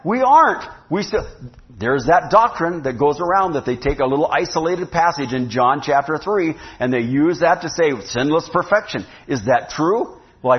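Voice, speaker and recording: Conversational male pastor, lo-fi. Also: on the high side. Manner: conversational, asks the congregation questions. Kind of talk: sermon. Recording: dull lo-fi sound.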